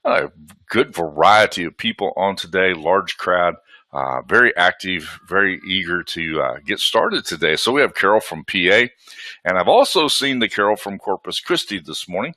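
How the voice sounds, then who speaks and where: A man with a deep, bright, forceful voice and a Southern US accent hosts a live webinar from home, speaking animatedly at a normal speed with no room sound. He chats in a folksy way and greets attendees by name.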